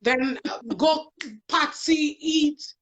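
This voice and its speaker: A woman's voice: high voice, steady tone, extremely slow, fairly bright tone. A woman, a talk show guest, telling her own story in an earnest way and repeating phrases for emphasis. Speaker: guest sharing personal experience. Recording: dull lo-fi sound.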